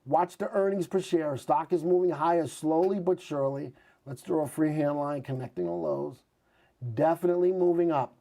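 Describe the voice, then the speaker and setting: Male market host, slightly high and mellow voice, casual live chart commentary. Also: moderate pace, vocal fry. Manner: chatty, reads out viewer stock picks.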